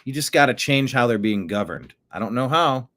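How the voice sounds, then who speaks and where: A man's voice: mid-range voice, lively intonation, moderate pace, fairly bright tone. A man hosting a casual online commentary show from his home desk, chatting and talking to his cat between stories. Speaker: host.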